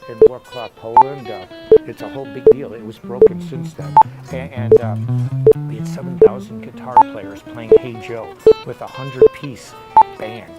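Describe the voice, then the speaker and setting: A man's voice: medium pitch, fairly even intonation, moderate pace, low-quality recording. A middle-aged man giving a guitar lesson in a casual, rambling way, full of anecdotes and asides. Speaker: guitar teacher. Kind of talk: casual one-on-one lesson talk. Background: loud electric guitar playing.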